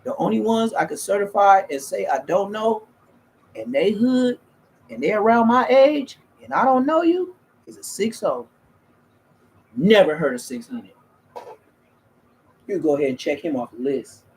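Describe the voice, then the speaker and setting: A man's voice: sits high, animated, a little slow, pauses often, a little mellow. A man, telling rambling, slangy, profane stories as a streamer in casual chat. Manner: profane, slangy, loose and restarting.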